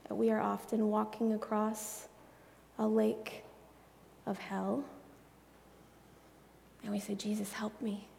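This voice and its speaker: A woman's voice: mid-range voice, level tone, slow pace, gravelly, long pauses, slight background noise. A woman giving conversational Bible teaching in an earnest, chatty way, with a long echoing reverb around her voice. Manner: earnest, chatty, drops into soft hushed asides.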